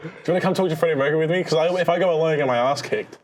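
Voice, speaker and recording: Fast-talking joking Australian player, man. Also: fairly high pitch. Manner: quick, joking, acts out his character's lines. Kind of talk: casual tabletop play.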